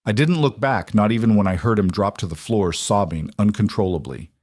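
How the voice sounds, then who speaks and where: A man narrating a scripted first-person drama story in a steady, dramatic way. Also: fairly low pitch, a little fast, no room sound.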